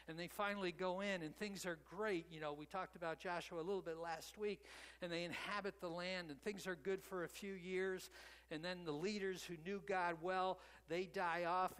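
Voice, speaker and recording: A man's voice: sits high, fairly bright tone, clean tone, big-room sound, rough recording. A man preaching a sermon, retelling the story in a conversational way with frequent "you know" asides. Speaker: pastor.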